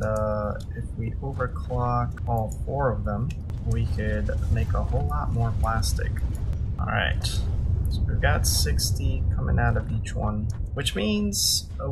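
A man commenting on his own gameplay, excitable and dramatic, swearing freely and joking about his own panic. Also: mid-range voice, a little slow, vocal fry, noisy background. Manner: self-deprecating, jokey panic. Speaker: gaming channel host.

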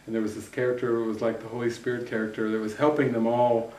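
A male spiritual teacher telling a story to a retreat group, animated and often laughing as he acts out what people said. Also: medium pitch, quick pace. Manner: animated anecdote, often laughing and acting out quotes. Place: retreat center room. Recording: echoey room.

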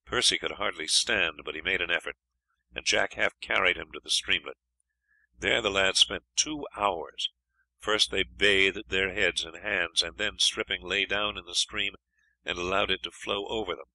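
A man reading an adventure story aloud as audiobook narrator, in a steady storytelling manner. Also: low-pitched, normal speed, gravelly, dry recording, rough recording. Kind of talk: scripted narration.

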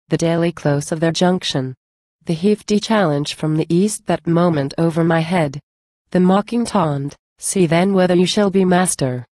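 A woman giving a measured, declamatory poetry recitation. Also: lowish voice, dark tone, no room sound. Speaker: reader.

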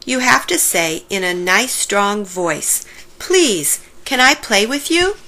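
A woman's voice: medium pitch, very animated, slow, exaggerated voice. Woman voicing kind helpful Ducky. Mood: gently scolding. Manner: gentle, encouraging, coaxing. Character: kind helpful female duckling friend. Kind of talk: storybook character voice.

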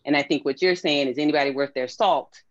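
A woman guest on a panel speaks in a measured, reflective way, often circling back and restarting her thoughts. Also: deep voice, no echo. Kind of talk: panel discussion. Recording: dull, dry video-call audio.

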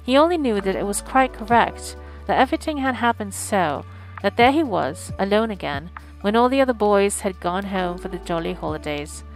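A woman's voice: medium pitch, faint music behind, rough recording. Woman reading a classic story aloud. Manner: measured, expressive storybook reading. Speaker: audiobook streamer. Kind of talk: scripted narration.

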